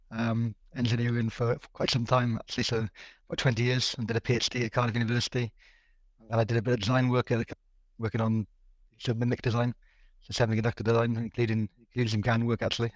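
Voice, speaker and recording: A man's voice: mid-range voice, flat delivery, quick pace, no echo. A man in his forties with a Welsh accent, answering interview questions as a guest, often repeating words as he talks. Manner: hesitant, repeats words, laughs lightly. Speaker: guest, technology executive. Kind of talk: casual interview.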